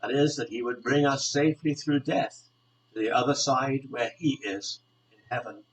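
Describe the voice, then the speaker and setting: A man at middle pitch gives a devotional reflection for a church podcast. His delivery is calm, measured and earnest, the steady pace of someone reading prepared words aloud. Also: rough recording. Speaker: church community member.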